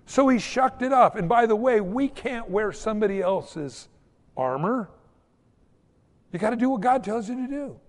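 A man delivers a sermon as animated, folksy storytelling and acts out the quotes as he goes. His voice is fairly high and swings widely in pitch. A long reverb rings out behind him, as in a big hall. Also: normal speed. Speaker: preacher.

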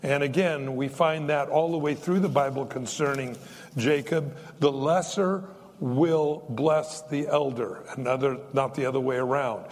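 An older man preaching a sermon in a folksy, animated way, joking between his points. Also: mid-range voice, measured pace. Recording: long hall reverb.

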